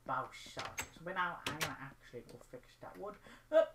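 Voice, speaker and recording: A low-pitched young woman talks through her gaming vlog. She rambles from topic to topic and stays silly and playful while she plays. A faint hiss sits under her voice. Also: animated, moderate pace. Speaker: gaming channel host. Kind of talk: casual gaming vlog commentary.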